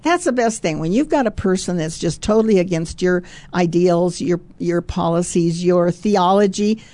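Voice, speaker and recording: A woman's voice: lowish voice, moderate pace, few pauses, warm tone, no echo. A woman giving a Christian devotional, reading a story aloud and breaking in with chuckles, repeated phrases and "praise God" asides. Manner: emphatic, repeats phrases for stress.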